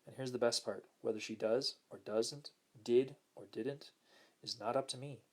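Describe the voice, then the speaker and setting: A man hosting a casual spiritual talk, speaking gently and smoothly, repeating words for emphasis and reading viewer comments aloud. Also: fairly even intonation, moderate pace. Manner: acts out quoted lines in a higher voice. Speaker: host.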